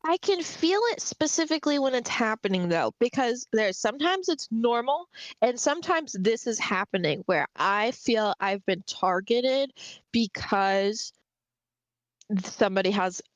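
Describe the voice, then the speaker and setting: A woman's voice: fairly high pitch, expressive, dry recording. Chatty young woman co-host, dry sound. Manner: chatty, many fillers, bursts of quick speech. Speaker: podcast co-host. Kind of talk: casual discussion of a web serial.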